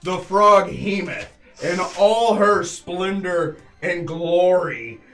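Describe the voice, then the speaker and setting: Game-master type: a man with a fairly high voice and a very animated delivery, narrating battle scenes in detail. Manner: vivid, unhurried scene narration with filler pauses.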